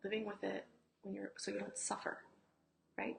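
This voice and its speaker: Frank, gravelly woman teaching in an echoey room. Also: medium pitch, fairly even intonation, fairly quick, fairly bright tone. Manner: frank and emphatic, swears freely, drops to whispers. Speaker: healing teacher. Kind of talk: casual spoken teaching. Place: home, at a table. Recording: echoey room with faint noise.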